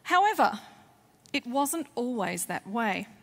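A lively woman tells a story to a hall full of schoolchildren, acting out her tale with lots of expression. Her voice is bright and somewhat high, and it rings out with the long reverb of a big hall. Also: slow, vocal fry. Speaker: children's author and former teacher. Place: large festival hall.

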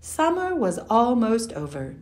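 A woman reading a children's picture book aloud, slow and expressive, with playful sound effects. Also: a little high. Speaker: storyteller. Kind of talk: children's read-aloud narration.

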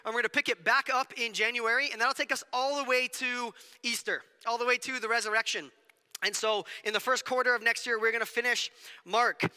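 A man delivering a sermon as pastor, in a conversational, animated way with quick asides. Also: extremely high pitch, clear, resonant tone, big-room sound. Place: church sanctuary.

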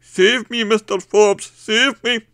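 Frightened wee barman, shrill falsetto shrieks, very loud, pleading, storybook. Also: fairly even intonation, slow pace, smooth, no room sound, clean studio sound, full character voice. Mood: terrified. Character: panicky little drunk barman, terrified.

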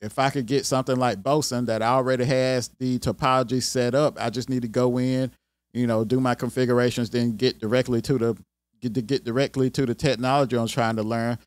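A man's voice: mid-range voice, level tone, a little fast, no room sound. A man with a Southern country accent hosting an IT career video, talking casually and rambling with lots of "you know what I'm saying.". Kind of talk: casual talk to camera.

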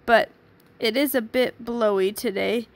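A woman's voice: fairly high pitch, fairly even intonation, measured pace. A woman voicing a small, timid male mole in a storybook read-aloud, with a small, plaintive voice.

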